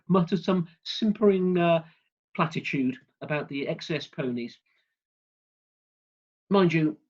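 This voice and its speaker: A man giving a humorous prepared speech over a video call, in a dry, wry, deadpan way. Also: a little high, husky, muffled recording. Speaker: club speaker.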